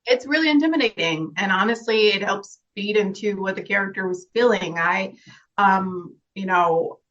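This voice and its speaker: A woman's voice: mid-range voice, normal speed, fairly bright tone. A woman being interviewed as a guest actress, speaking earnestly and reflectively and laughing often in casual chat. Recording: slightly dull, lo-fi sound.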